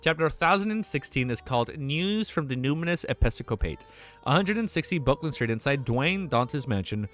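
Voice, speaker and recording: A man's voice: mid-range voice, expressive, normal speed, a bit bright, faint music behind. Emotional young male streamer reading aloud. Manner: casual, swears, reacts emotionally between passages. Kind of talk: reading a novel aloud on a livestream.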